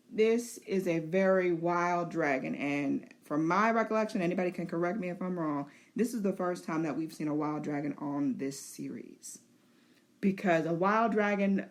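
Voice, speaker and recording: Animated woman recapping a TV episode. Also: mid-range voice. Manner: animated, chatty, laughing asides. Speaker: show host.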